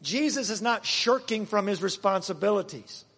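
A man with a high voice preaches in a church, and the sound rings with a long hall reverb. He reads scripture dramatically and swings from loud, emphatic lines to hushed ones. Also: expressive, moderate pace, gravelly. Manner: dramatic reading of scripture quotes. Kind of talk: sermon.

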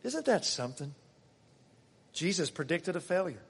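A man preaching a sermon and reading scripture aloud, emphatic, swinging between loud passages and hushed ones. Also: a little high, lively intonation, normal speed. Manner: dramatic reading of scripture quotes. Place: church. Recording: long reverb of a church hall.

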